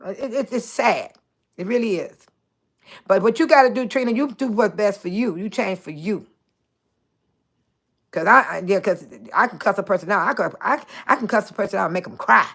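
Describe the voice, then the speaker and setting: An older woman hosting a casual live chat, talking straight to her viewers by name, chatty and animated with frequent laughter. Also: mid-range voice, normal speed, creaky. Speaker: host.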